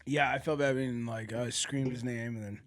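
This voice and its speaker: A man's voice: mid-range voice, normal speed. A man hosting a podcast, telling stories in casual chat, swearing a lot and acting out the people he quotes. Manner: profane, animated storytelling with acted quotes. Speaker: podcast host.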